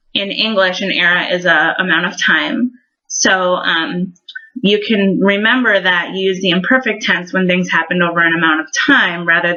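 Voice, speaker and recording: Bright-voiced woman teaching a grammar lesson. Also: on the low side, lo-fi sound. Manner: friendly, explanatory, many ums. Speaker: Spanish teacher.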